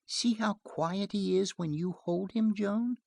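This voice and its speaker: A reader voicing a calm young mother who gently coaxes her child in a soft, restrained voice. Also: mid-range voice, slow, gravelly, dry recording, voice pushed up. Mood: gentle coaxing.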